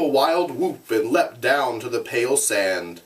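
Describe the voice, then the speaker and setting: A teacher reading a novel aloud to his students in steady, measured narration. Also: medium pitch, recorded from a distance, rough recording.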